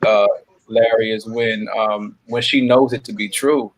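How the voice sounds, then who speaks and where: A man's voice: fairly low pitch, fairly even intonation, unhurried. A man hosting a web panel show on a video call, affirming his guests and often tagging his sentences with "man.". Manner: warm, affirming, peppers speech with "man". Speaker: show host. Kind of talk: web series panel talk.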